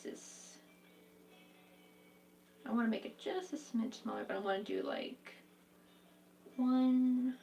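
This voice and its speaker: A woman's voice: fairly high pitch, steady tone, takes it slowly, creaky, long pauses, warm tone, distant mic, faint music behind. A young woman hosting a crochet live stream, chatting casually and reacting to viewers' comments, saying "like" a lot. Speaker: crochet livestream host.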